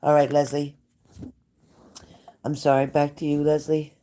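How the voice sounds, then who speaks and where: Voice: medium pitch, completely flat delivery, unhurried, mellow. A psychic reader hosting a casual live stream who talks straight to viewers by name, repeats phrases and gets emotional and fervent.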